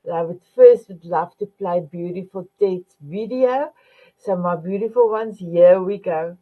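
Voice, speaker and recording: A woman speaks slowly and affectionately as a motivational talk show host. She addresses her viewers again and again as her beautiful ones. The recording sounds dull and lo-fi. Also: fairly low pitch.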